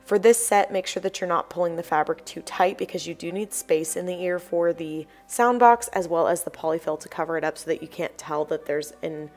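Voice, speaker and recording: Croaky-voiced woman narrating a craft tutorial. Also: fairly low pitch, fairly quick, few pauses, darkish tone. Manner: chatty, explanatory, apologetic asides. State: croaky morning voice. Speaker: DIY crafts channel host.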